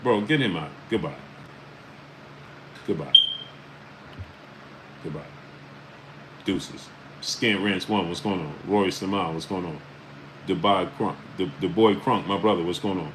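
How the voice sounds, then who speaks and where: A man from Brooklyn with a New York accent hosting a casual live stream, reading out viewer names with quick greetings and speaking bluntly and emphatically. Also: sits low, very noisy.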